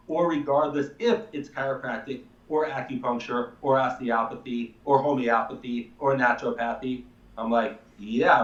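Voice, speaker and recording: A medium-pitched man, recorded on a distant mic in an echoey room with muffled sound, tells a long story. He's a chiropractor guesting on a live show, talking casually and emphatically, animated and swearing offhandedly.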